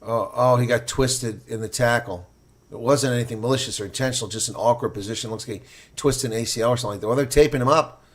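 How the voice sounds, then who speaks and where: A man giving live reaction play-by-play commentary, excitable and blunt, his voice climbing sharply during big plays. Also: mid-range voice, fast. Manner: blunt and opinionated.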